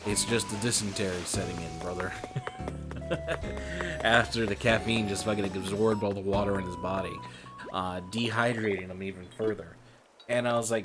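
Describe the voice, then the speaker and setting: Rambling, profane man with a lowish voice. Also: moderate pace, music in the background. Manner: rambling, profane, keeps calling the listener brother. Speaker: streamer. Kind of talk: casual stream chat.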